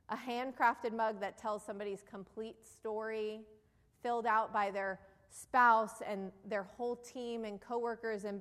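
A woman's voice: fairly high pitch, fairly bright tone. Persuasive New Jersey woman in an echoing hall. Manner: earnest, persuasive, asks the audience questions. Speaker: keynote speaker. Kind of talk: motivational business presentation. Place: event hall before a live audience. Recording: long hall reverb.

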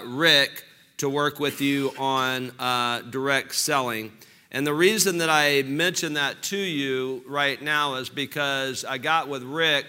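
A man's voice: mid-range voice, pushed and bright, smooth. A man hosting a seminar, announcing upcoming workshops to the audience with an affirming tone and many fillers. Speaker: seminar host.

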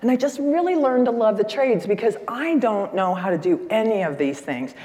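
A woman in her sixties giving a lively, chatty seminar talk and questioning the audience from the stage. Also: on the high side, moderate pace. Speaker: seminar speaker. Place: conference hall stage. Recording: echoey hall.

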